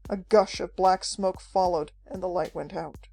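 A woman narrating an adventure story as an audiobook, reading at a steady, measured pace. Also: on the low side, gravelly, husky. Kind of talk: scripted narration. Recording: faint background music.

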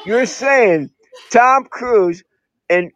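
A man's voice: high voice, animated, very slow, a bit bright, slight background noise. A laid-back man bantering in a comedy show, saying "dude" constantly and arguing playfully. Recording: dull dry lo-fi sound.

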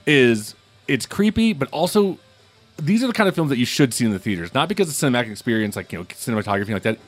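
A man's voice: medium pitch, fast talker, faint music behind. A man hosting a casual podcast who reviews films and tells stories in a loose, profane way. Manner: animated, profane storytelling. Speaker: podcast host and film reviewer. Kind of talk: casual chat.

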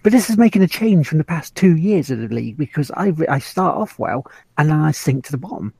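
A man co-hosting a podcast and explaining things in an easygoing, casual way. His voice is gravelly and husky and sits a little high. The recording is dry and close. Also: very animated, brisk, warm tone, no room sound. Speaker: podcast co-host.

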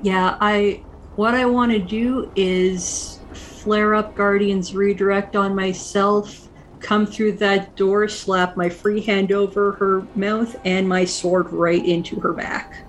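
A woman at a tabletop game speaks in a mid-range voice, earnest and supportive, sometimes rushing her words. A faint background hiss sits under her voice. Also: medium pitch, fairly even intonation. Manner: earnest and encouraging, quick bursts. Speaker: player.

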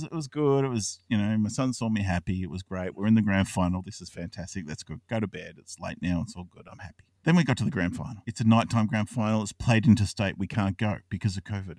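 Aussie guy on a podcast, swearing and laughing through his story, lower voice, dry and a little far from the mic. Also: no room sound. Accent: Australian. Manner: excitable storyteller, swears, laughs often, restarts words. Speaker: podcast co-host. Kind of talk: casual chat.

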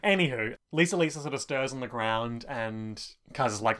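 Bright-voiced man recapping anime. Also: mid-range voice, normal speed. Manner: laughs often, acts out quotes. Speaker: podcast co-host. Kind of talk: casual anime recap chat.

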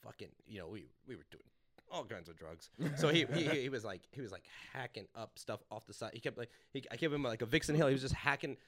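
Fast, animated crude comedian host. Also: male voice, mid-range voice, no echo, clean studio sound. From Los Angeles. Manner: loud, crude, puts on voices for bits. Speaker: podcast host. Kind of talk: casual comedic chat.

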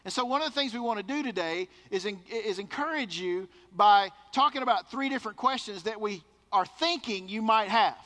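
A man's voice: high voice, brisk, hardly any pauses, bright, forceful tone, in a large hall. A man preaching a sermon as pastor, emphatic and repeating words for stress.

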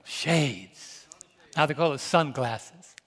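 Older pastor preaching in a reverberant hall. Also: male voice, on the high side, unhurried, a bit bright. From New York. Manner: personal, emotional, calls out to the congregation. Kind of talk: storytelling sermon.

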